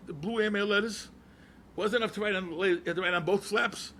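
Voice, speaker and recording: A man, a rabbi telling stories to an audience in an animated way, repeating phrases and mixing in Yiddish and Hebrew words. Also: high-pitched, brisk, a little hiss or hum. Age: 70s. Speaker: rabbi and yeshiva head. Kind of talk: storytelling talk to an audience.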